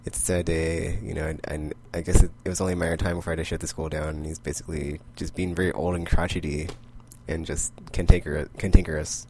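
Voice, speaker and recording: A man's voice: very deep voice, level tone, quick pace, few pauses, warm tone, slight background noise. A man casually recapping comic books, rambling and full of "like". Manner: rambling, heavy use of "like". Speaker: comic book vlogger.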